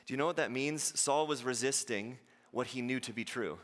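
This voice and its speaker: A man preaching a sermon with animated delivery, often acting out the voices of the people he quotes. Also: medium pitch, normal speed. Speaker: pastor. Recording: hall reverb.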